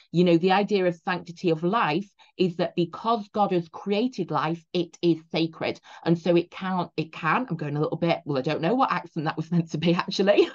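Woman, revision lecture, low voice, chatty asides, slow stress on key points, muffled recording. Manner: chatty, with frequent "you know" asides. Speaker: teacher.

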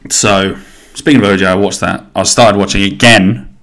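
A man's voice: lowish voice, steady tone, moderate pace, a bit bright. A man in his thirties hosting a solo podcast, rambling casually and swearing as he goes. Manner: rambling, sweary, self-interrupting. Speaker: podcast host.

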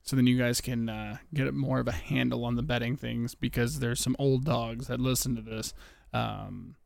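A young man hosting a casual betting podcast from home late at night, rambling and swearing, keeping his voice low and a bit out of breath. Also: steady tone, normal speed, vocal fry, no room sound, clean studio sound. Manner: rambling, profane, talking low to keep quiet. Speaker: podcast host.

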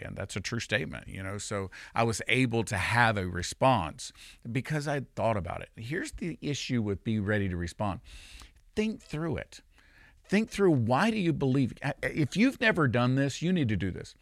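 A man's voice: fairly low pitch, lively intonation, normal speed, a bit bright, no room sound, studio quality. A man preaching a sermon as a pastor, in a conversational way with restarts and sudden emphatic rises.

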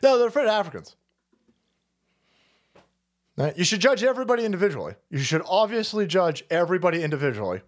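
Fairly high-voiced guy ranting on his stream, swears a ton, laughs a lot. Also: very animated, fast talker, pauses often. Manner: foul-mouthed, laughing, ranting. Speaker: streamer host. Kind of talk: profane livestream commentary rant.

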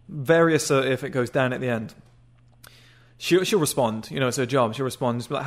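Man, dating-advice host, blunt and crude, casual talk, mid-pitched voice. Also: fast talker. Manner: blunt, crude, conversational, acts out short greetings.

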